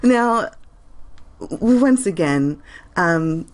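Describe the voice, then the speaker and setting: A woman's voice: fairly low pitch, expressive, very slow. A woman making a casual reaction video, reading comments aloud with sarcasm and frequent giggles.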